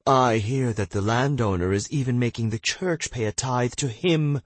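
A man's voice: medium pitch, moderate pace, dry recording, pitched above the performer's own voice, lightly acted. A man voicing a vain, gossipy woman who runs a house, talking proudly and smugly. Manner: proud, smug, chatty.

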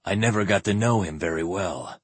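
A man reads as a grave, worried squire in a storybook reading, his voice dropped low and quiet. The tone is husky and breathy, close and dry with no room around it. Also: fairly quick, dry recording.

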